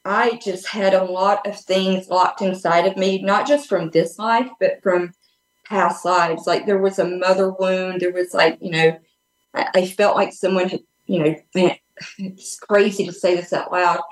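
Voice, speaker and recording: A woman's voice: on the low side, fairly even intonation, a little slow. Rambling woman on an echoey call. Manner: rambling, with many restarts and fillers; earnest and open. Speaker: podcast guest. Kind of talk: casual personal storytelling. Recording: echoey room.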